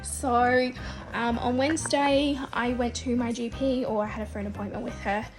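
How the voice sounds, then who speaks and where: A woman's voice: a little high, fairly even intonation, normal speed. A young woman chatting casually to camera in her vlog, full of ums, partly from a car. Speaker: vlogger. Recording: voice a bit far from mic, loud music behind.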